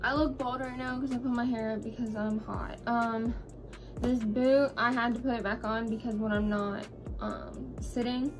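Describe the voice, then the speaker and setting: A woman's voice: fairly high pitch, fairly even intonation, normal speed. A young woman, out of breath after exercising, rambling chattily through a casual workout vlog with lots of fillers. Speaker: vlogger. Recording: background music under voice.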